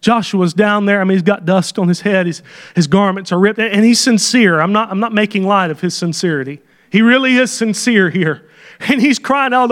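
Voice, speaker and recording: A man's voice: high-pitched, normal speed, fairly bright tone. A man preaching a sermon with fervor, sometimes dropping into folksy asides. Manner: fervent, acts out quoted prayers.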